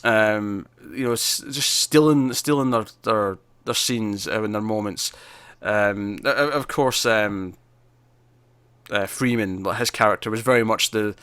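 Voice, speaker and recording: A man's voice: on the low side, measured pace, fairly bright tone, smooth, no room sound. A man co-hosting a movie discussion podcast, talking casually and rambling with lots of fillers and restarts. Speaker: co-host of a movie discussion show. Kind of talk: casual chat.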